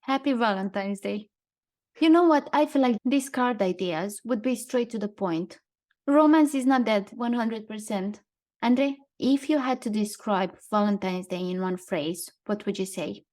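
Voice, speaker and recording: A woman co-hosts a relaxed podcast chat at an even, middling pitch. She talks things through thoughtfully and often reads from her notes. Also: unhurried. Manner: thoughtful, reads out quotes and card lines. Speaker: podcast co-host. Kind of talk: casual podcast chat, partly read from notes.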